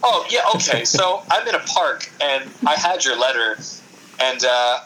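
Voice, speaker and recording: A man's voice: mid-range voice, lively intonation, low-quality recording. A man who is a guest on a podcast, talking casually in an effusive way and laughing readily. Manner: effusive, warm-hearted, quick to laugh.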